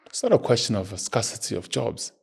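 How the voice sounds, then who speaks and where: A man talks through his views in a low, gravelly voice with a husky edge. He speaks earnestly and argues his case with steady emphasis, like a host laying out his opinion to his audience. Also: fast talker. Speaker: podcast host. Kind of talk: opinion commentary.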